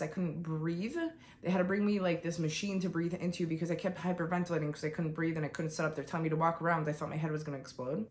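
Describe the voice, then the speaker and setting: Upset woman, raw testimony, echoey room. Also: fairly low pitch. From United States. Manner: raw, upset, swings between quiet and heated. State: on the verge of tears. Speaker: vlogger. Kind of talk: emotional personal testimony.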